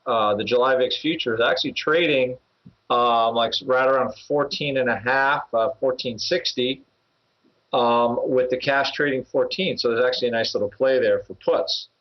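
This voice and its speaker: A man of ordinary pitch who rambles through market talk on a podcast. He pads his points with fillers and chuckles. The audio is a little dull and muffled. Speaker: options trader and regular co-host.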